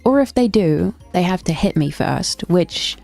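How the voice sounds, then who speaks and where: A woman's voice: lowish voice, expressive, unhurried, gravelly, a little mellow, faint music behind. A young woman streaming a game and chatting casually, telling stories bluntly, swearing freely and laughing between them. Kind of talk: casual chat on a gaming stream.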